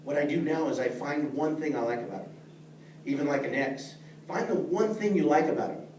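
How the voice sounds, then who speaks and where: A man's voice: fairly high pitch, brisk, darkish tone. Earnest middle-aged man teaching a class. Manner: earnest, plain-spoken, addresses listeners directly. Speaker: leadership teacher. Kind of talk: speaking to a class. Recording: echoey room, mic far off, faint noise.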